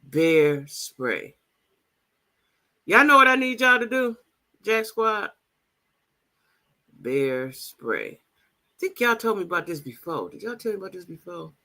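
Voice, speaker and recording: A woman's voice: lowish voice, sing-song, slow, long pauses, bright, forceful tone. A woman hosting a casual livestream, chatting with her audience and reading their comments aloud. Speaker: livestream host.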